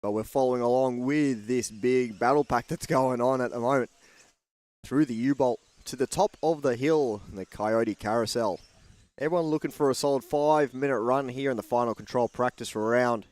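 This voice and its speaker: A man giving steady play-by-play commentary on a radio-controlled car race, reading out lap times and gaps. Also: medium pitch, moderate pace, no echo. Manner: steady, informative calling of laps and gaps.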